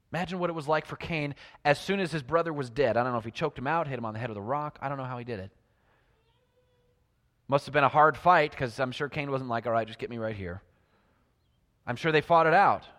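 A man preaching a sermon, telling stories and swinging between loud emphasis and hushed lines. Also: fairly high pitch, brisk, long pauses, long reverb tail.

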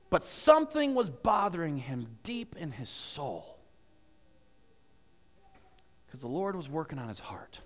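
A man preaching a sermon as pastor, telling a story with animated questions to the congregation. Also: on the high side, unhurried, in a large hall. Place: church.

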